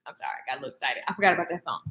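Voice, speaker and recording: A woman hosting a casual late-night live stream, animated and slangy, laughing often and talking straight to her viewers. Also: low-pitched, rapid-fire. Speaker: live stream host, beauty professional. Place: echoey room, home at night. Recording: echoey room.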